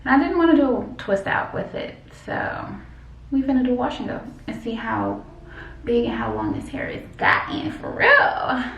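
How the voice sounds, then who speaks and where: A beauty vlogger chats casually with her viewers in a hair tutorial, calling them y'all. Her voice is a little high, expressive, creaky and a bit bright, at normal speed. She's on a distant mic in an echoey room with faint music.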